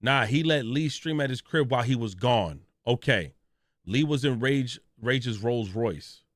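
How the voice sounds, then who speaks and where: A man's voice: medium pitch, expressive, a little slow, dry recording. Male streamer, casual reaction chat, dry close sound, keeps quizzing viewers. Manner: asks questions, reads chat names aloud.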